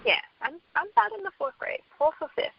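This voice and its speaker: Candid woman with a lively, gravelly voice. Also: very high voice, fairly quick, dull audio. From Bronx, New York. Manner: candid, re-enacts quoted dialogue. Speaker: author guest. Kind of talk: personal storytelling interview.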